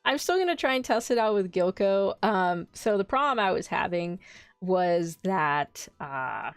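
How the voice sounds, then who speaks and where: A woman's voice: lowish voice, unhurried, smooth, no room sound, soft background music. Rambling young woman streamer, dry mic. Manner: rambling, laughs often, loses track of thought. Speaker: VTuber streamer. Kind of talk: casual chat stream.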